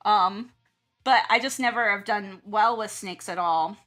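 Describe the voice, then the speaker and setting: A woman's voice: mid-range voice, measured pace, fairly bright tone, soft background music. A woman from the South, chatting casually on stream, rambling and laughing often as she acts out her own reactions. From American South. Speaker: art streamer and teacher. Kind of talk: casual chat while drawing on stream.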